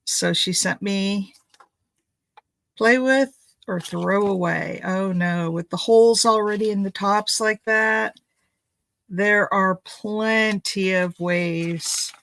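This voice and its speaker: Slow gravelly woman chatting over crafts. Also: medium pitch, rough recording. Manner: warm, rambling, thinks aloud. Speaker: craft video maker. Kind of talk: casual chatty unboxing. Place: home craft space.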